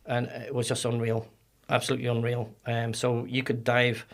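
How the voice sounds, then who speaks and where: Gravelly-voiced Northern Irish man. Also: mid-range voice, monotone. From Northern Ireland. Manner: halting, repeats words as he recalls. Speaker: guest. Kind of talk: casual interview storytelling.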